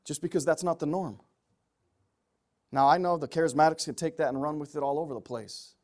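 Male preacher, high-pitched, emphatic delivery with big swings in volume. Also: steady tone, brisk. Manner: emphatic, swinging from loud pleading to low quiet asides. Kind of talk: sermon.

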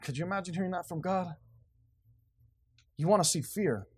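A male pastor preaching a sermon, switching between quiet asides and loud, emphatic passages. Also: sits high, moderate pace, slightly rough, dry recording.

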